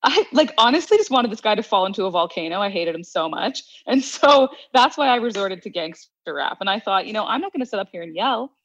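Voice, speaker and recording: A woman's voice: medium pitch, expressive, quick pace, hardly any pauses, fairly bright tone, no echo, rough recording. A woman co-hosting a podcast who tells stories in a wry, laughing way. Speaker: podcast co-host. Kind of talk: casual storytelling chat.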